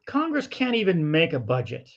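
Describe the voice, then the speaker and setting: Gravelly middle-aged man, halting. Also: a little high, wildly swooping pitch. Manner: halting, repeats words as he thinks. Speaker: podcast co-host. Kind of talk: political commentary chat. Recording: dull lo-fi audio.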